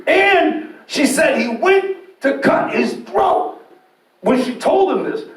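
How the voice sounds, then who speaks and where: A man with a high voice tells a candid, profane story from his own life, and his telling turns loud and shouting at the dramatic turns. He sounds distant from the microphone in a roomy, echoing space with a faint noise floor. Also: takes it slowly. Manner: animated, swings to shouting when retelling dramatic moments. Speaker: storyteller guest.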